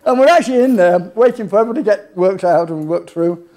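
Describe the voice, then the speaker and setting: Lively high-voiced man telling stories. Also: fast. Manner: lively, laughs often while telling stories. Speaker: keynote guest. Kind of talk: anecdotal storytelling on stage. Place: event hall on stage.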